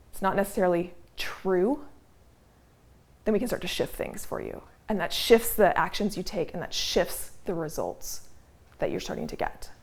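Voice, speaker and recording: A woman coaching listeners in a motivational talk. She speaks conversationally, checks in often with "okay?" and "right?", and voices her listeners' doubts back at them. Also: medium pitch. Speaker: weight-loss coach.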